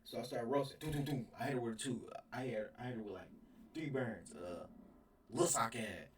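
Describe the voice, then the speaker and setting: A young man telling a rambling, animated storytime, laughing as he goes. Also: medium pitch, moderate pace. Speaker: storyteller vlogger. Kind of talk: casual storytime. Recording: roomy sound from a distance.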